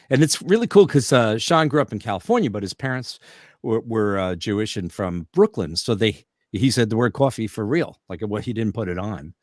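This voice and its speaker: Low-voiced man telling animated stories. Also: brisk, no echo, studio quality. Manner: animated storyteller who slips into character voices. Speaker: voice actor guest. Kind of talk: casual anecdote telling.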